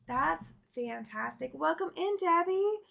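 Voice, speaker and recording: A woman's voice: high-pitched, expressive, slow, vocal fry, fairly bright tone. A middle-aged woman hosting a casual quilting livestream, chatting, reading viewer comments aloud and laughing often. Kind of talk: casual live chat while sewing.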